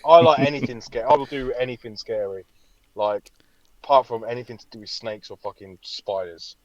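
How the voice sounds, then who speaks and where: A man co-hosting a podcast, telling a story in an animated way and swearing freely. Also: mid-range voice, brisk, highs cut off. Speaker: podcast co-host. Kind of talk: casual chat.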